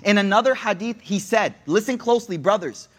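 A young man preaches in a loose, chatty way and keeps turning to speak directly to the room. His voice sits high for a man. He drifts into side stories and tells them with lively energy. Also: fairly quick, slightly rough. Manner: animated, digressive storyteller who talks straight to the audience. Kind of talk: casual sermon.

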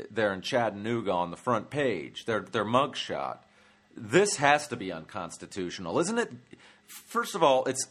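A man's voice: mid-range voice, fairly bright tone. Rambling, profane male comedian host. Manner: rambling, profane, many fillers. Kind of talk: comic travel monologue.

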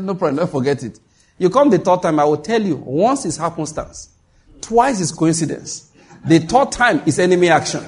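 Husky animated preacher man. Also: sits high. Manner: animated, humorous storytelling with acted-out dialogue. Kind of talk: sermon.

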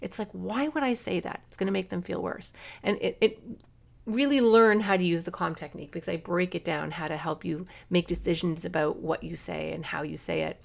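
Middle-aged woman doing a solo parenting podcast, kinda low and gravelly, earnest coaching vibe. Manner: earnest coaching tone, quick asides.

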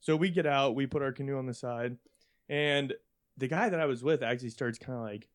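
A man's voice: medium pitch, brisk. A young man casually telling a rambling childhood anecdote on a podcast, often laughing as he talks. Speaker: podcast co-host.

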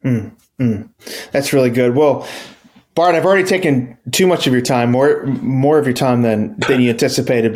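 A man hosting a podcast, talking in a friendly, halting way with many fillers. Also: medium pitch, darkish tone. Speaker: podcast host. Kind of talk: casual interview chat and scripted outro.

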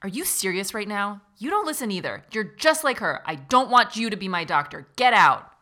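A woman's voice: medium pitch, big pitch swings, a little fast, sharp tone. A woman playing a volatile psych ward patient. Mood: angry. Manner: hostile, then clingy and pleading. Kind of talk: educational role-play.

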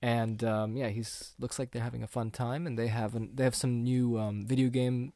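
A man's voice: mid-range voice, flat delivery, normal speed, mellow, no echo, clean studio sound. A man co-hosting a casual chat, rambling through stories and laughing easily. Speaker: podcast co-host.

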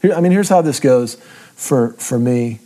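A man's voice: mid-range voice, animated, moderate pace, mellow. A man giving a casual, self-deprecating Bible lesson, often checking in with his listeners. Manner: casual, checks in with frequent tag questions. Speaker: Bible teacher. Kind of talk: conversational teaching talk.

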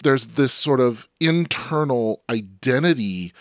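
A man's voice: medium pitch, expressive, takes it slowly, no room sound. A man co-hosting a podcast, talking in a casual, passionate and emphatic way. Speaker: podcast co-host. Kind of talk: casual discussion.

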